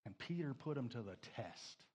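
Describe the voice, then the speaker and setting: Guy preaching, emotional, gets loud then real quiet, mid-pitched voice. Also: animated, normal speed, breathy edge. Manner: emotional, swings from loud emphasis to soft hush. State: crying. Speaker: pastor. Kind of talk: sermon.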